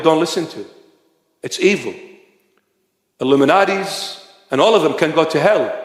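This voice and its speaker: A man preaching a sermon, forceful and at times shouting. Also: fairly high pitch. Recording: echoey hall.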